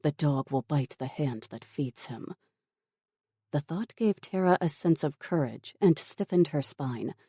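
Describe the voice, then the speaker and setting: Slow, dark-toned audiobook narrator. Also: medium pitch, lively intonation, husky, dry recording, clean studio sound. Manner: measured, dramatic storytelling.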